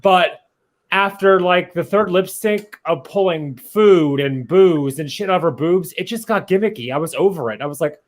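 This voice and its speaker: A man's voice: a little high, lively intonation, normal speed, a little hiss or hum. A man co-hosting a casual group chat, speaking in a candid, blunt way. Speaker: podcast co-host.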